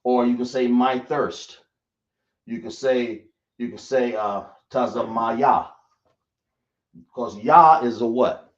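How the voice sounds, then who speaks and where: A man teaching a language lesson, speaking slowly and often checking whether his listeners understand. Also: medium pitch. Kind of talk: classroom lesson. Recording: echoey room, dull lo-fi sound.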